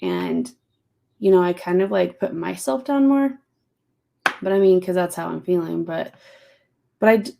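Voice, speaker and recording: A woman in a casual podcast chat, talking in a reflective, halting way. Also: on the low side, very animated, gravelly, noisy background. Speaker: podcast co-host or guest.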